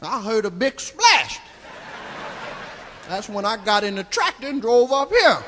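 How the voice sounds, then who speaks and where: A comedian playing a crude, rambling old Southern storyteller with a Southern US accent, drawling folksy tales on a live stand-up stage. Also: male voice, sits high, very animated, measured pace, background noise. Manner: drawling, folksy, keeps tagging lines with "see?". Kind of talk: live stand-up character monologue.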